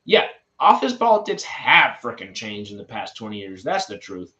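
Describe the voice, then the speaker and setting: A man's voice: fairly low pitch, wildly swooping pitch, normal speed, sharp tone. A man in his twenties hosting film news, reading items and then chatting about them with loose asides and restarts. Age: 20s. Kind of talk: casual news commentary.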